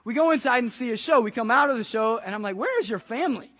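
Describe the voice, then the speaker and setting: A pastor delivers his sermon through a casual personal story. His voice sits high for a man, and he narrates with animated, chatty energy. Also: fast.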